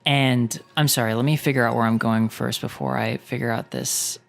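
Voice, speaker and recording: A man's voice: mid-range voice, steady tone, moderate pace, creaky. A man hosting a casual chat over a video game, telling a long story in a rambling, self-interrupting way. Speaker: host.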